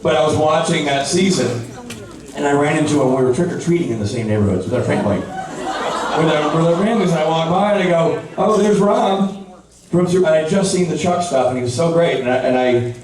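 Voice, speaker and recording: A man on a convention panel telling a funny anecdote to a live audience, animated and jokingly aggrieved. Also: fairly high pitch, quick pace, slight background noise. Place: large convention hall. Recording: echoey hall from far off.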